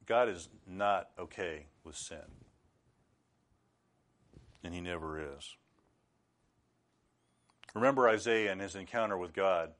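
A middle-aged man delivers a sermon, his voice sitting low. He speaks earnestly and with measure, then breaks into sudden loud outbursts. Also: takes it slowly, pauses often. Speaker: preacher.

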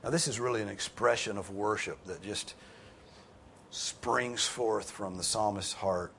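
Speaking a little slowly in a somewhat bright voice, with a little hiss or hum behind him, a man preaches and teaches a Bible class. His sermon-plus-discussion is earnest and emphatic, sprinkled with casual asides, and he raises his pitch and volume to drive points home.

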